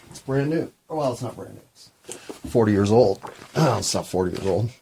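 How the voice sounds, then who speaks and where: A man's voice: lowish voice, expressive, moderate pace, gravelly, mellow, a little hiss or hum. A man in his fifties in a casual, rambling, self-deprecating solo monologue. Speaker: solo podcaster.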